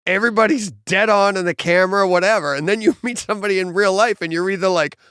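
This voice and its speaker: A man's voice: high voice, fast, fairly bright tone, smooth, no echo, studio quality. A middle-aged man with a Boston accent, hosting a podcast in rambling casual chat and laughing often. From Massachusetts. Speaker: podcast host.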